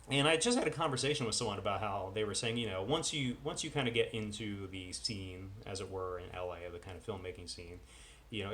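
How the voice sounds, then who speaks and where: A man's voice: on the low side, sharp tone. Rambling, self-mocking male vlogger. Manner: rambling, self-deprecating asides. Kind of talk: casual chat. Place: at home with dogs.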